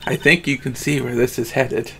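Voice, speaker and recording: Gravelly, laughing game commentator. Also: medium pitch, bright, forceful tone, slight background noise. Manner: laughing, offhand asides. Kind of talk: casual chat.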